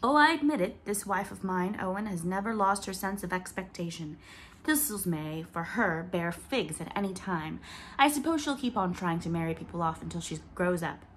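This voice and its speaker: A woman's voice: fairly low pitch, expressive, normal speed, slight background noise, close to an everyday voice. A woman reading a teasing, good-humored husband.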